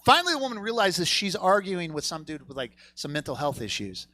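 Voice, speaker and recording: A man doing a stand-up set on a comedy theater stage, profane, swinging from low mutters to loud punchlines. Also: very animated, brisk.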